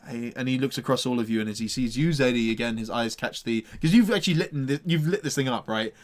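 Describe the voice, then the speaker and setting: A man's voice: mid-range voice, quick pace, few pauses. A man running a tabletop game as game master, narrating in a loose, rambling way full of fillers.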